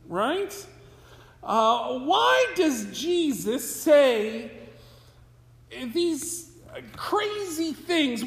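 A pastor preaching a sermon in a conversational way, asking the listeners rhetorical questions, recorded in a church sanctuary. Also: high voice. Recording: echoey hall with long reverb.

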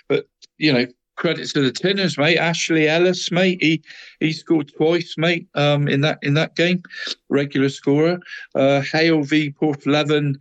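A man's voice: on the high side, rough recording. A man co-hosting a football podcast, running through local results in a casual, chatty way, dropping "mate" into nearly every phrase and often restarting his sentences. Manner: stumbles and restarts a lot.

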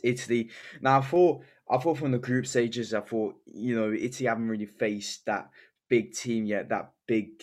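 A man with a fairly low voice talks football on a casual podcast. He hesitates and stacks up fillers, then bursts into excited praise for the game. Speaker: podcast co-host.

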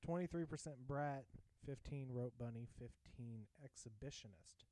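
A man co-hosting a podcast, chatting casually in a rambling, halting way as he reads out a list of results. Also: mid-range voice, dark tone, slight background noise, rough recording. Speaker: podcast co-host. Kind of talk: casual chat.

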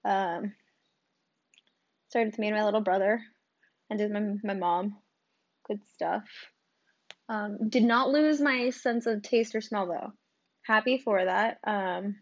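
A woman's voice: mid-range voice, dry recording, muffled recording. A young woman in her twenties hosting her own podcast in a rambling, casual chat full of ums, likes and swearing, still recovering from covid, with a cough and short breath. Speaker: podcast host.

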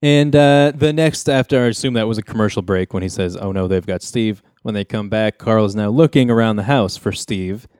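A man hosting a casual podcast chat, retelling a TV episode with jokes and quick impressions of the characters. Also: lowish voice, darkish tone, clear, resonant tone, no echo, clean studio sound. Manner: joking storyteller, mimics characters' lines. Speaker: podcast host recapping a sitcom episode.

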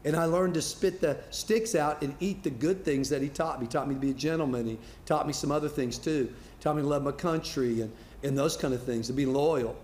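Echoey preaching man, slightly high voice. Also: fairly quick, hardly any pauses, a little mellow, slight background noise. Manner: conversational preaching with repeated words and acted quotes. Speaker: pastor. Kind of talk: sermon. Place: church sanctuary.

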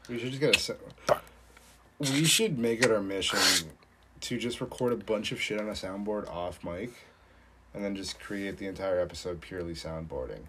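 Rambling young man, low voice. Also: moderate pace, background noise. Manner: rambling, filler-heavy, joking. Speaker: podcast co-host. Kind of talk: casual chat.

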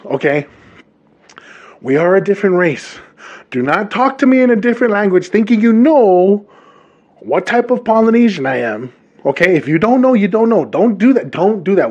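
A man in his thirties from Hawaii, hosting a podcast and telling a story in a casual, animated monologue aimed straight at his listeners. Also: high voice, slightly rough, dull audio. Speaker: podcast host.

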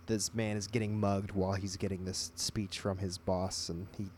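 A man's voice: sits low, flat delivery, moderate pace, a little mellow, a little hiss or hum. A man in casual conversation about a film, making jokey, sarcastic asides. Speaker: podcast co-host.

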